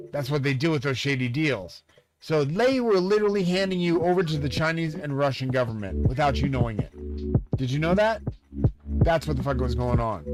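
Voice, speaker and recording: A man live-streaming a profane, agitated, grandiose rant aimed straight at his viewers. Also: fairly high pitch. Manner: profane, agitated and grandiose, talks to the audience directly. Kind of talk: ranting monologue to viewers. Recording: loud music playing behind the voice. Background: loud music.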